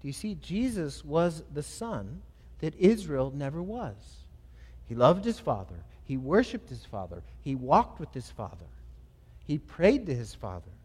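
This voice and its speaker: A man's voice: on the high side, very animated, measured pace, a little mellow, breathy edge, big-room sound. A male pastor preaching a sermon, asking questions and answering them himself in an emphatic delivery.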